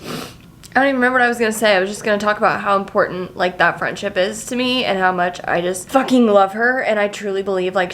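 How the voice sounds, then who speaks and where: A woman in her twenties talking casually to camera in a vlog, chatty and excitable, swearing freely and leaning on filler words. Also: medium pitch. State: emotional, near tears. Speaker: vlogger.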